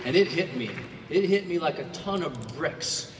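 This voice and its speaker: A man giving a motivational keynote to a large audience. He swings between quiet reflection and shouted bursts, and he acts out quoted voices. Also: fairly high pitch, animated, moderate pace, a crowd in the background, noisy background. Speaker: motivational speaker. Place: large hall. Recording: echoey hall from far off.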